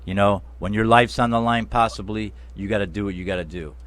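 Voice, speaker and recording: A man's voice: on the low side, fairly even intonation, fairly quick, fairly bright tone. A man hosting a casual interview, talking emphatically and turning to the listeners as friends and folks. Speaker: interview show host.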